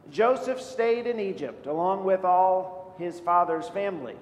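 Earnest preaching man in an echoey hall. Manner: earnest preaching with many rhetorical questions. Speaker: pastor. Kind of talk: sermon. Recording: echoey hall with faint low rumble.

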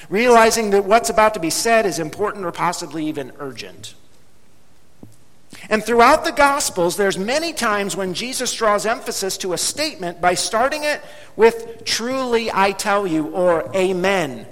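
A man preaching a sermon as pastor, speaking emphatically and slowing down to drop low on key words. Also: lively intonation, fairly bright tone. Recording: long hall reverb.

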